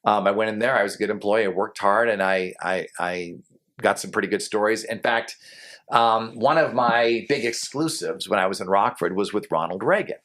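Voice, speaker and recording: A middle-aged man from New England, a longtime TV news anchor, telling his career stories in a relaxed, rambling way with lots of fillers. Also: fairly low pitch, moderate pace. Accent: faint New England. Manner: rambling, many fillers and restarts. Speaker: guest, television news anchor. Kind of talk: relaxed storytelling in a podcast interview.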